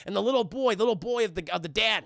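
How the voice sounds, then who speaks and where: New york guy recapping a movie for his stream chat, high bright voice, bit of fry, dry close mic. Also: no room sound. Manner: rapid, profane, animated retelling. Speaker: film review streamer. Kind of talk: casual livestream film recap.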